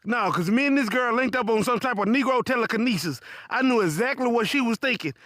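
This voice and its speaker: A man telling a profane comic story in an animated voice full of punchy asides. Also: very high-pitched, fast, dry recording. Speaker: comedic storyteller.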